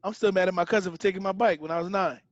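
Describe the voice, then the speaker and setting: A man in his thirties, a podcast co-host, telling an animated story in a casual chat and acting out the people in it. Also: high voice, racing, no echo. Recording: muffled dry home podcast audio.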